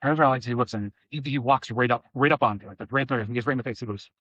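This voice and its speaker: A man telling casual stories as a podcast guest, acting out quotes in animated bursts. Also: medium pitch, fast talker, dry recording, highs cut off. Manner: animated anecdotes with acted-out quotes. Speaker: chiropractor guest. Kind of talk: casual storytelling.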